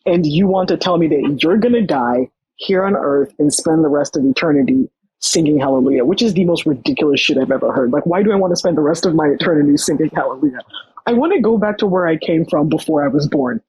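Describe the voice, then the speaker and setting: A young woman guest on a podcast, telling her story casually, animated and full of fillers and quoted dialogue. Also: low-pitched, fast talker, slightly rough, no room sound, rough recording.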